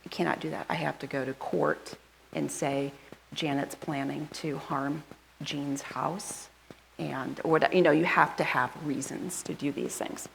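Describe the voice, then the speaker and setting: Woman pastor, casual and chatty sermon, lower voice, faint room noise. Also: vocal fry, a bit bright, low-quality recording. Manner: chatty, asks the congregation questions; rushes through a list, skipping items. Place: church sanctuary.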